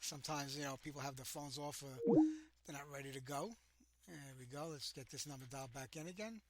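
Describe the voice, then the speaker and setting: A man's voice: mid-range voice, a little fast, fairly bright tone. A man hosting a live radio show, chatting loosely while he dials a guest. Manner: loose and chatty, talks through dialing attempts.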